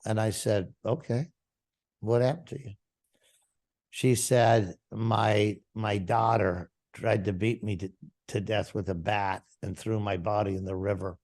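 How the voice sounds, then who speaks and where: A man's voice: fairly low pitch, fairly even intonation, measured pace, darkish tone. A male pastor giving a testimony to a congregation, retelling a story and acting out the dialogue.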